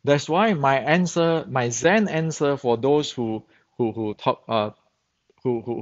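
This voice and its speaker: Man, native Chinese speaker, blunt lecturing instructor in broken English, slow unhurried delivery, muffled lo-fi recording. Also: mid-range voice. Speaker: Wing Chun instructor. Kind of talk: opinionated monologue. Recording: dull, muffled lo-fi sound.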